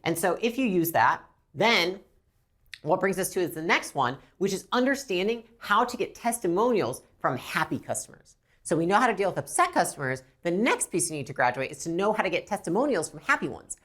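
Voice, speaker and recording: A woman's voice: fairly low pitch, brisk. A woman teaching a business lesson, talking bluntly and now and then acting out lines from customers and staff. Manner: animated, acts out customer and rep lines; blunt, swears casually. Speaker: business instructor.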